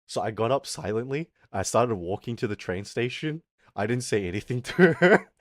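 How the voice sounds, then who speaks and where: Animated young man telling a rant. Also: medium pitch, normal speed, dry recording, studio quality. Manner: animated, swears freely, laughs often. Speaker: streamer. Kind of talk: casual storytelling rant.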